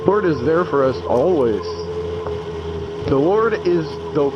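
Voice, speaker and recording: A man's voice: fairly high pitch, lively intonation, slow, long pauses, lo-fi sound, noisy background. A man talking earnestly about his faith in a casual vlog, often restarting his phrases. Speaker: vlogger.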